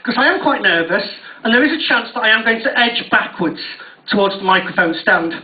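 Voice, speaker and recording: A man's voice: high voice, animated, brisk. A young man working through a stand-up set, swearing freely and poking fun at himself. He sounds distant from the mic, with the hall's echo ringing around him. The whole thing comes through thin and tinny, like it was caught on a phone. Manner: self-mocking, sweary, admits nerves. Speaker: stand-up comedian. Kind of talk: stand-up comedy routine. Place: on stage at a university venue. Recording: tinny, distant, echoey live recording.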